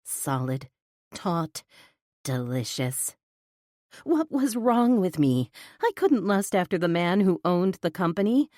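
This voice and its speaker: A woman narrating a first-person romance audiobook with an expressive, flustered inner voice, close to the mic. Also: lowish voice, takes it slowly, no echo.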